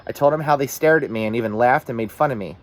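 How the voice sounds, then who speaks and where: A man reading a novel aloud in the first person, with steady, earnest storytelling. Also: medium pitch, fast talker. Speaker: audiobook reader.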